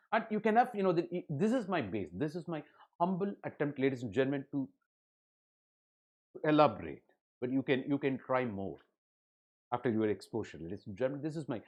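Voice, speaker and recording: A man lecturing, emphatic and full of "you know" and "ladies and gentlemen". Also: on the high side. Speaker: online exam-prep lecturer.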